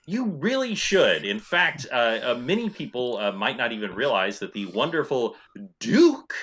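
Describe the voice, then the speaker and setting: A man's voice: mid-range voice, sing-song, moderate pace, a bit bright. A middle-aged man running a tabletop game as dungeon master, narrating playfully with sound effects.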